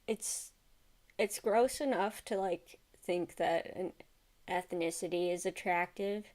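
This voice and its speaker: A woman's voice: fairly low pitch, slow, darkish tone. A woman streamer commenting casually on a video, exasperated and often restarting her sentences.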